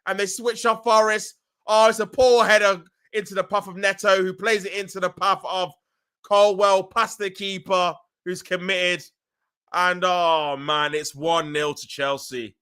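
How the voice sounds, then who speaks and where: A man giving excitable, emotional live commentary on a football match, groaning and shouting at the action in slangy talk. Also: high voice, measured pace, clear, resonant tone. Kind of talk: excitable fan watch-along commentary.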